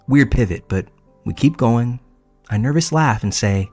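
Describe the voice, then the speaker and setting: Male narrator, mid pitch, steady scripted horror reading, soft music underneath. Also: breathy edge. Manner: measured storytelling, casual profanity. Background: faint music.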